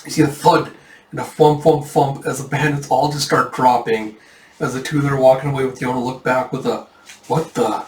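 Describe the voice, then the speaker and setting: A man casually reading through a manga, excitably recapping scenes and saying "it's like" a lot. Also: medium pitch, fairly quick, a little hiss or hum. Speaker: manga reader. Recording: roomy, distant mic.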